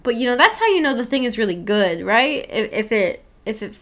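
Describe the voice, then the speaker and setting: A woman's voice: fairly high pitch, very animated, a little fast, fairly bright tone. A young woman hosting a casual live-stream book club, chatty and giggly, often restarting her sentences.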